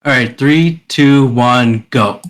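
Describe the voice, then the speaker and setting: A man co-hosts a podcast in a casual chat. He talks slowly and hesitates often, with plenty of fillers. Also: mid-range voice. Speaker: podcast co-host.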